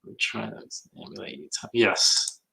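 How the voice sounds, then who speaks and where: A man's voice: on the low side, steady tone, moderate pace, vocal fry, pushed and bright. A man co-hosting a casual livestream, easygoing and self-deprecating, speaking over a computer mic. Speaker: co-host of a reseller livestream. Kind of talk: casual livestream chat while working.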